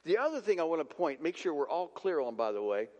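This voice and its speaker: Animated high-voiced man preaching. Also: highs cut off. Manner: dramatic, slowing for emphasis. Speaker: pastor. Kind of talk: sermon. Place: church sanctuary. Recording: long church reverb.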